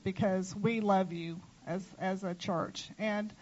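A woman minister presenting gifts in a church, speaking warmly and affectionately. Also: mid-range voice, steady tone, slow, dull audio. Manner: warm, affectionate, tearful at times.

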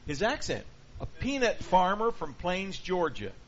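A man with a high voice and wildly swooping pitch preaches unhurriedly in a conversational teaching style. He checks in with listeners through rhetorical questions, peppering his points with "okay?" and "right?", on a dull lo-fi recording with faint background noise.

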